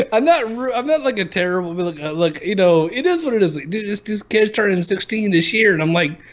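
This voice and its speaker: A man's voice: sits high, very animated, normal speed, highs cut off. A man in his thirties co-hosting a live gaming show, chatting casually, swearing often and laughing as he rambles. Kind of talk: casual chat.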